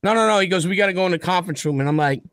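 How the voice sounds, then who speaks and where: Guy telling a story, kinda high voice, curses a lot, acts out the back and forth, dry close sound. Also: rapid-fire, fairly bright tone, no room sound. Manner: blunt, profane, quotes dialogue in storytelling. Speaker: guest telling prison stories. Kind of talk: casual storytelling.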